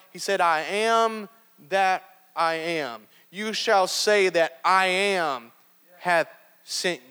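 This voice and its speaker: High-voiced preacher in a reverberant church. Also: male voice, fairly bright tone. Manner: earnest, with frequent restarts and affirming amens. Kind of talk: sermon. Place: church sanctuary.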